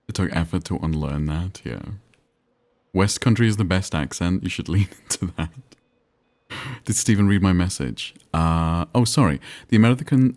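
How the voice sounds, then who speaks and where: Deep-voiced game streamer. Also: male voice, a little mellow. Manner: chatty, rambling, reads chat aloud. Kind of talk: casual live-stream commentary.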